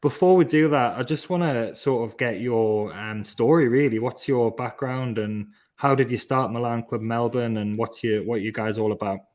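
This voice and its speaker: A man's voice: medium pitch, normal speed, hardly any pauses, darkish tone. A male podcast host leads the chat in a friendly, upbeat manner with a joking edge. His voice sits in an ordinary middle range. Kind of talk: casual podcast hosting.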